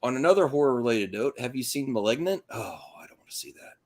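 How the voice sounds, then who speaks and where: Man, livestream co-host, lively up-and-down voice, jokey, reads mail aloud. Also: mid-range voice, quick pace. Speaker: podcast co-host reading listener questions. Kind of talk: casual livestream chat.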